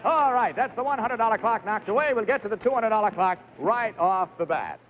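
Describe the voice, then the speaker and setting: Man, game show host, chatty and joking, coaxing contestants, very lively pitch, dull old broadcast sound. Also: brisk, slight background noise. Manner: chatty, jokey, coaxing contestants through stunts. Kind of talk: live TV game show hosting. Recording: muffled 1950s TV broadcast audio.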